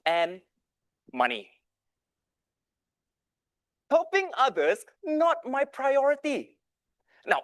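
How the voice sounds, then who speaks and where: A man in his thirties giving a dramatic storytelling speech with big swings in volume. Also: sits high. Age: 30s. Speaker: club speaker.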